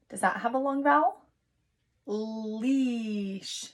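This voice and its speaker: A woman teacher giving a recorded lesson to young children, patient and encouraging, sounding out words slowly. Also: a little high.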